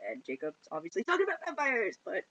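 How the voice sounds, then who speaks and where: A woman retelling a film plot in casual chat, giggling and slipping into quick put-on voices for the characters. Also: mid-range voice, huge pitch swings, a bit bright, highs cut off. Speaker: movie reviewer.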